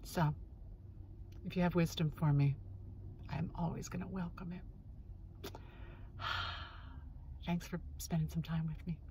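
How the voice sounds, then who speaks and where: A woman's voice: lowish voice, steady tone, slow, long pauses, mellow, slight background noise. A woman hosting her own show, telling a personal story in a candid, earnest monologue while sitting in her parked car. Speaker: host. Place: parked car in a parking lot.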